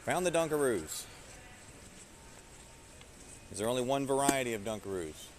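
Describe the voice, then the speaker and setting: A man's voice: mid-range voice, very animated, normal speed. A man live-streaming while he shops, talking casually and rambling with plenty of swearing. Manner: rambling, profane, jokey. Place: shop aisles indoors. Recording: noisy shop background.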